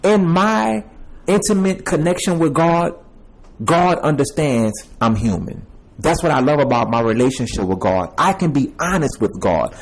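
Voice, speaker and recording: Young guy preaching hard about his faith, keeps repeating himself, kinda high voice. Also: animated, moderate pace, rough recording. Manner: repetitive, emphatic, preachy; addresses viewers as "y'all" and "man". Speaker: self-made video preacher. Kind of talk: personal testimony monologue.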